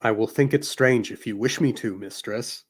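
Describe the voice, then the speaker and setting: A man's voice: mid-range voice, normal speed, slightly rough, close to an everyday voice. A man reading aloud as a shapeshifting wolfhound servant, speaking formally and submissively. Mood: dutiful.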